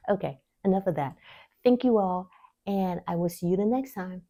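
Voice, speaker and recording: A woman hosting a faith-based wellness talk, speaking straight to her viewers in an encouraging, teaching way and laughing easily. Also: moderate pace. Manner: warm encouraging teaching, lively pitch swings, laughs easily. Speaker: host.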